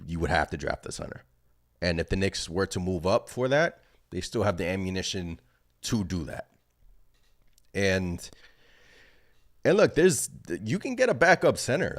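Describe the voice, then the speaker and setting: Male fan-channel host, very low voice, excitable and rambling, live reaction stream. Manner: excited, rambling, thinks aloud.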